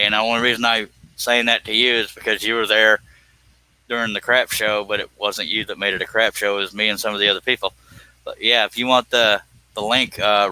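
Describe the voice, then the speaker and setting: A man with a fairly low, pushed, bright voice and a clear, resonant tone, heard on a low-quality recording. He hosts a casual live stream while working, rambling and joking in a folksy manner and exclaiming "by God." He designs scroll saw patterns.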